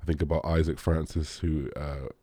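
Young bodybuilder guy, super deep voice, rambly q&a chat w lots of filler, dry close sound. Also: little pitch movement, moderate pace, dark tone, husky, no echo. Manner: rambling, lots of "like", swears casually. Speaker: bodybuilder answering viewer questions. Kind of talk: casual Q&A chat.

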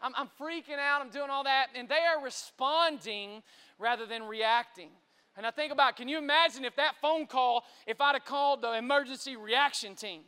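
A male pastor preaching an energetic sermon, stammering and repeating words and often asking "right?" to the congregation. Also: extremely high pitch, moderate pace, smooth. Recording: echoey large hall.

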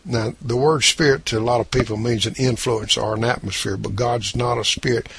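A man's voice: mid-range voice, fairly even intonation, normal speed, gravelly, fairly bright tone, slightly rough, no room sound. A man preaching a sermon, reading scripture aloud and pressing his points with emphasis.

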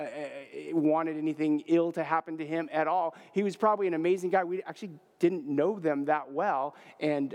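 Pastor, forties, male, higher-pitched voice, relaxed anecdotal sermon delivery, reverberant church sound. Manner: conversational storytelling with fillers. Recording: long hall reverb.

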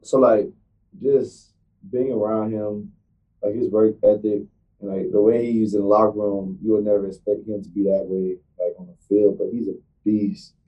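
A young man, a college football player, answering interview questions in a halting, casual way, often restarting his sentences. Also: lowish voice, level tone, phone-quality sound. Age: young adult.

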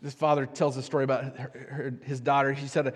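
A man's voice: medium pitch, flat delivery, fast, husky, long reverb tail. A man preaching a sermon as pastor, conversational and earnest, often checking in with "right?" and restarting his phrases.

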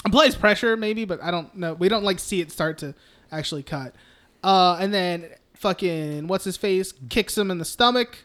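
A young man co-hosting a casual film podcast, recapping scenes, swearing freely and acting out characters in quick voices. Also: high-pitched, a bit bright. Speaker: podcast co-host.

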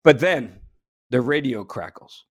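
A man from New Jersey telling a long story as a guest, animated, with frequent restarts and laughter. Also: medium pitch, a little slow, husky. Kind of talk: casual storytelling.

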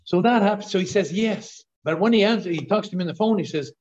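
Older man, podcast guest; eager, restart-heavy storyteller, slightly higher voice, muffled remote audio. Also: fast talker. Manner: excited storyteller, repeats words on restarts. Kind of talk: storytelling interview talk. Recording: dull lo-fi call audio.

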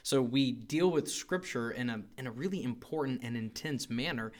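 A man in an everyday middle register, co-hosting a relaxed Bible discussion. He talks things through out loud, leaning on emphasis as he works his way to a point. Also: medium pitch, moderate pace. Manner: conversational, emphatic, thinks aloud. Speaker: podcast co-host.

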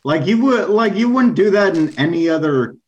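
A man co-hosting a podcast in casual chat, mostly agreeing and slipping in quick jokes. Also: high-pitched, lively intonation, muffled recording. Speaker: podcast co-host.

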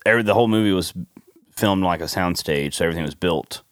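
A man with a low voice chatting on a movie podcast. He shares trivia about how films were made, often restarting his sentences as he goes. The sound is dry and close. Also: no echo. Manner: shares behind-the-scenes trivia in halting restarts. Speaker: podcast co-host. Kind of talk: casual chat.

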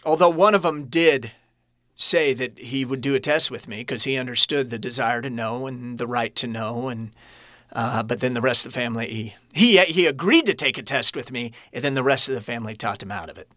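A man in his late thirties telling his personal story as a podcast guest, earnest and halting, often restarting his sentences. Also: mid-range voice, bright, forceful tone, no echo, clean studio sound.

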